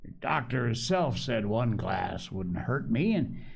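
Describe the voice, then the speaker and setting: A man's voice: mid-range voice, sing-song, measured pace, vocal fry, heavily acted. A man voicing an ailing old male sea captain who craves rum, speaking in a coarse sailor's dialect with pleading and cursing.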